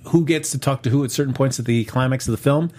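A man's voice: mid-range voice, quick pace, darkish tone. A man hosting a casual live-streamed movie podcast, chatty, with many fillers and restarts. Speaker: podcast host.

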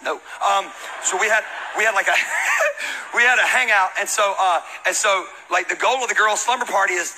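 Man, pastor, high voice, very bright, comic storytelling sermon, acts out characters, shouts and laughs. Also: fairly quick, low-quality recording.

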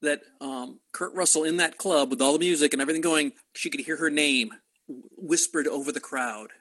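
Man, sarcastic movie podcaster, slightly high pitch, bright sound. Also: fairly quick. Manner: exasperated, sarcastic complaints. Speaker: podcast co-host. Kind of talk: casual movie-review chat.

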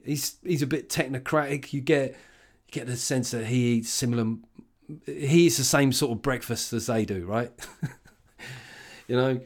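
Guy hosting a podcast, chatty, swears a lot, laughs easy, mid pitch. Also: darkish tone. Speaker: podcast host. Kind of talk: casual political chat.

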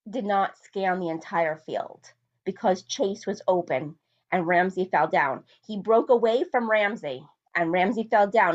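A woman's voice: mid-range voice, highs cut off. A woman hosting a solo podcast, giving blunt, opinionated sports commentary and hammering her points home with repetition. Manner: blunt, emphatic, repeats points for stress. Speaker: podcast host.

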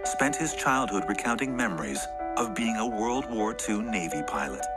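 Male documentary narrator, expressive, rising and falling lines, music bed behind. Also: fairly low pitch. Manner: dramatic storytelling delivery. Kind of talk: scripted narration.

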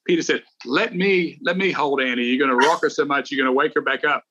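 A man's voice: mid-range voice, fast, pushed and bright, muffled recording, slight background noise. A middle-aged man, a podcast co-host, chatting casually and rambling through stories with restarts. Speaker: podcast co-host, former golf champion. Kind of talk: casual chat.

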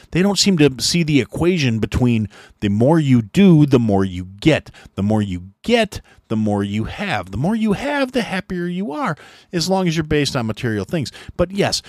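A middle-aged man rants angrily into the mic, swearing constantly and dripping with sarcasm. His voice sits a little high for a man. The room sounds dry and close, with no echo. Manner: angry, sarcastic, heavy swearing, mocking whiny voices. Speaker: podcast host. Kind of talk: profane ranting monologue.

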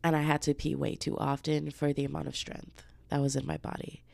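A woman's voice: sits low, flat delivery, brisk, gravelly, a little mellow, no echo. A woman hosting her own podcast while sick with the flu, chatting casually in a slangy, profane way and calling her listeners babes. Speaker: podcast host. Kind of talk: casual solo podcast chat.

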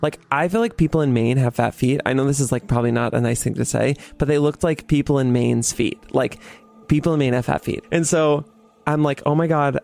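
A young man telling a story in casual talk, animated, with lots of swearing and "like". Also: mid-range voice, brisk, gravelly. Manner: animated, swears a lot, heavy use of "like".

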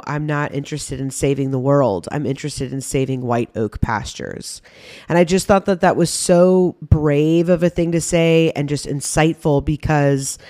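Candid low-voiced woman podcast host. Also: mellow, dry recording, studio quality. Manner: candid and conversational, swearing casually, many fillers. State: heavily pregnant. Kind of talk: casual reflective monologue.

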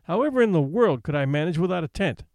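A man's voice: a little high, animated, quick pace, darkish tone, no echo, muffled recording. A man voicing a fussy, pampered young woman who pleads in dramatic exclamations. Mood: dismayed.

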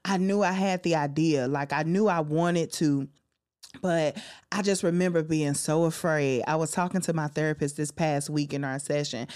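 Woman doing her solo podcast, real heartfelt, lots of little exclamations, lowish voice. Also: a little mellow. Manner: heartfelt, testifying, exclaims often. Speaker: podcast host. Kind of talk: emotional solo podcast talk.

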